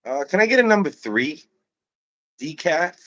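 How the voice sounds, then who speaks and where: A man's voice: a little fast, lightly acted. A man voicing a timid American customer who stammers nervously in a raised voice. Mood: flustered. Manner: nervous, stammering, high-pitched.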